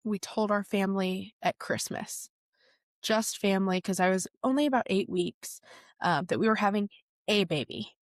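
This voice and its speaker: A young woman, a podcast guest, retelling a personal story in a lively way and laughing often. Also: medium pitch, dry recording, clean studio sound. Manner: animated retelling, laughs often, acts out quotes.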